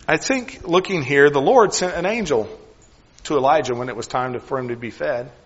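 A man preaching a sermon in an earnest, questioning way, often dropping his voice softly on key lines. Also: a little high, fairly quick, husky, long reverb tail, muffled recording.

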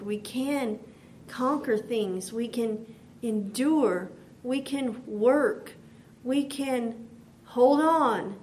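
A woman's voice: sits high, a little mellow. A woman preaching a devotional sermon in an earnest way, repeating phrases as she builds her point.

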